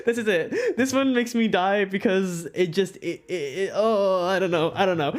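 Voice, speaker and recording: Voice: medium pitch, moderate pace, few pauses. A young adult from Wales with a Welsh accent, chatting casually with viewers on a live art stream, giggling often and rambling.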